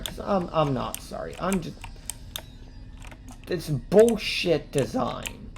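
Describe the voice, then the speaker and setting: A woman's voice: on the low side, very animated, slow, vocal fry, pauses often, darkish tone, a little hiss or hum. A woman streaming a video game, commenting casually and swearing as she rants in angry outbursts.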